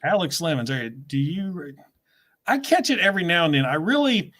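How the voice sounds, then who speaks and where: A chatty man with a Southern US accent, hosting a loose, casual conversation. His voice sits a touch higher than most men's, and he tells his stories quickly with frequent laughs. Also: sing-song, fairly bright tone. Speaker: host. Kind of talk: casual livestream chat.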